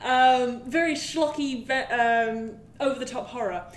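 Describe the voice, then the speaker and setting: Animated, swearing woman in echoey room. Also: fairly high pitch, measured pace. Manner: animated, profane storytelling. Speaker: podcast co-host. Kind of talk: casual chat about games.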